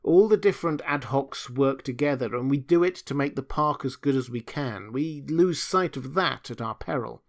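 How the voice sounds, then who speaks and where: A man voicing a stern woman leading a meeting, in measured, firm tones, in an audiobook. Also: medium pitch, pitched above the performer's own voice, natural voice. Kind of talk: audiobook dialogue.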